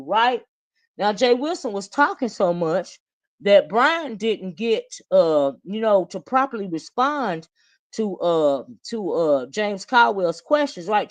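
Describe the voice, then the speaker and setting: A woman's voice: mid-range voice, low-quality recording. A woman giving casual livestream commentary, chatty, often tagging "right?" and calling viewers honey.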